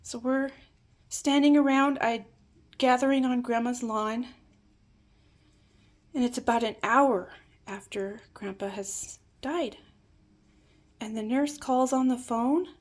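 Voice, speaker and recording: An older woman telling a personal family story in a slow, reflective way, sometimes dropping to hushed asides. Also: fairly high pitch.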